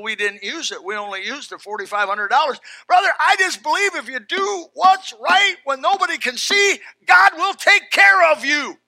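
A middle-aged pastor preaching a sermon, telling folksy stories with animated rises and shouts. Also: male voice, high voice, no room sound.

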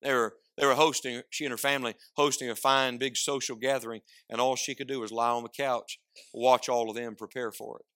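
A man preaching a sermon, swinging from loud declarations to hushed asides and prompting the congregation to answer. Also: mid-range voice, little pitch movement, a little fast. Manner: asks the congregation questions and prompts replies.

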